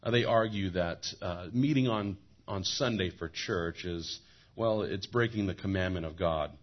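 A man preaching a sermon as pastor, animated, with joking asides and repeated words, on a dull lo-fi recording. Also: deep voice, measured pace.

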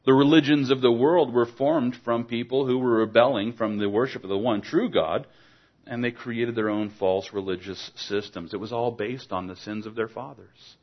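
A man's voice: medium pitch, fairly even intonation, moderate pace. A man preaching a sermon, earnest and exhorting, asking his listeners pointed rhetorical questions. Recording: dull lo-fi recording.

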